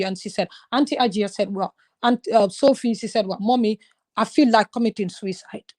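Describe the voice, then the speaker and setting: A woman's voice: mid-range voice, a little mellow. A woman from Gambia, talking openly and earnestly in a casual conversation about her own experiences. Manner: earnest, open, confiding. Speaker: guest sharing personal experience.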